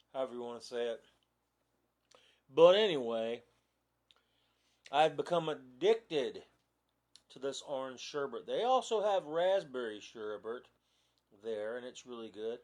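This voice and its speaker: A man's voice: mid-range voice, animated, slow, pauses often, a little mellow. A man chatting casually on a phone live video, easygoing and rambling with lots of fillers. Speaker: vlogger. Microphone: phone camera propped nearby.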